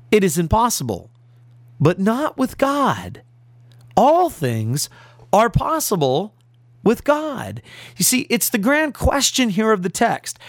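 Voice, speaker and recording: A male pastor preaching with emphasis, his points stacked in rhetorical lists. His pitch swings widely as he drives each point home, and the recording is dry and close with little room sound. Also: no echo. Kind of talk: sermon.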